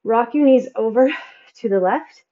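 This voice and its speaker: A woman's voice: a little high, normal speed, warm tone, muffled recording. A woman fitness instructor coaching a workout, counting reps and encouraging, sighing and a bit out of breath between exercises.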